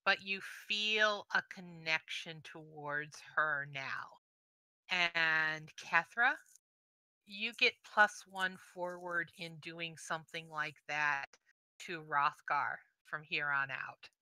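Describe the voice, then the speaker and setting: A woman game master narrates the game for her players in a measured way. Her voice is bright and smooth and comes through close and dry. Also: low-pitched, no room sound.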